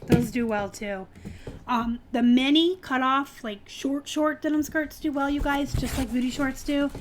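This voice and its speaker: Chatty, excitable high-voiced woman. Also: unhurried, noisy background. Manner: chatty and excitable, with frequent ums and likes. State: dry throat, clearing it. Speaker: reseller streaming an unboxing. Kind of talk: casual live-stream chat.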